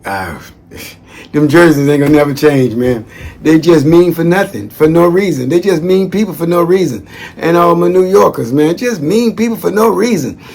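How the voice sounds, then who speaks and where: A man giving friendly shout-outs in a chatty, folksy monologue that wanders off on tangents. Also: on the high side, lively intonation, normal speed. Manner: chatty, folksy, digressive, calls listeners "man". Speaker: former social worker. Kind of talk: casual rambling monologue.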